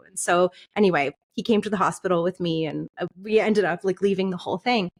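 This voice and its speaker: A woman's voice: mid-range voice, moderate pace. A woman in her thirties, a podcast guest, candidly recounting a painful personal experience, often laughing through it and restarting her sentences.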